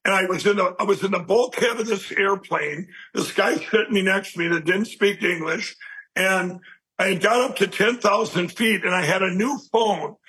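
Guy telling his story in an interview, raspy and kinda high, bright forceful tone, acts out all the quotes. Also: low-quality recording. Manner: animated, rambling storyteller who acts out quoted speech. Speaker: interview guest. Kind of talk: personal storytelling.

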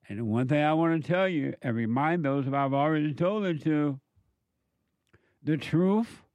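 A man's voice: fairly high pitch, dry recording. A male counselor delivering a preachy monologue, firing off emphatic rhetorical questions in a scolding tone.

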